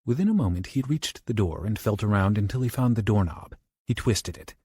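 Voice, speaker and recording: A man narrating a horror audiobook with a low, slightly husky voice. His delivery swings widely in pitch as the tension builds, recorded dry and close. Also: a little fast, dry recording. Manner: dramatic, with lively shifts into character voices.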